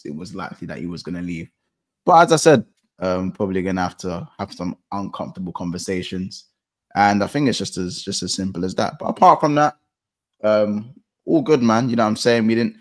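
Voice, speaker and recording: A man on a football podcast panel, talking in a relaxed, easygoing way full of fillers and laughter. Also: lowish voice. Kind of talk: casual football banter.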